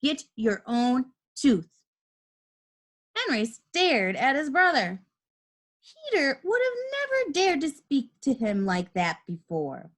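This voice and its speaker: A woman reads a children's story aloud in an unhurried, deliberate rhythm, her pitch swinging widely from line to line. Her voice sits fairly high, and she acts out the characters in a lively, expressive way. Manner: lively, expressive reading with quick shifts for characters.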